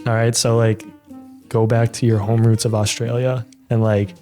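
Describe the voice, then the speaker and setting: A man's voice: mid-range voice, flat delivery, moderate pace, darkish tone, faint music behind. A young man hosting a podcast, playful and often laughing. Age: young adult. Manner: playful, giggly. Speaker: podcast host. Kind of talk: casual chat.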